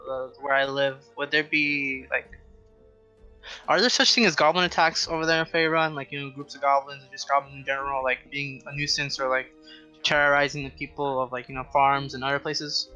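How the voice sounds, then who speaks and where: A man's voice: mid-range voice, flat delivery, brisk, bright, forceful tone, soft background music. A man playing a tabletop game, rambling with many likes and you-knows. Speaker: player. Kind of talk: casual tabletop play.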